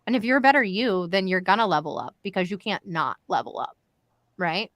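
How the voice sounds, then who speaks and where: Woman, livestream host, chatty, bright voice, dry sound. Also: mid-range voice, brisk, dry recording. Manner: chatty, animated, direct to viewers. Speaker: live show host. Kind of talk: casual livestream chat.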